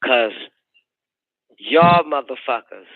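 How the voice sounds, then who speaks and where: A man's voice: medium pitch, animated, takes it slowly, no echo. A man hosting a call-in radio show, delivering a profane, preachy monologue and repeating his points. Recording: dry, narrow phone-like sound.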